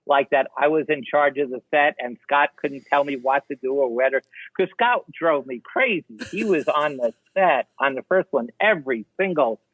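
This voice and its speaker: An older man, a film director guest, telling lively anecdotes in an interview and acting out the people he quotes. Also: on the high side, no room sound. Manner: animated, acts out the people he quotes. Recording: dry, tinny phone-like line.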